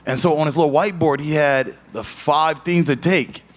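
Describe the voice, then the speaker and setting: A man who fights professionally, answering questions in a casual interview, telling stories with a lot of swearing and rambling. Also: moderate pace. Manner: profane, rambling storyteller; jumps high in pitch when telling a story. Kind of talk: casual media day interview.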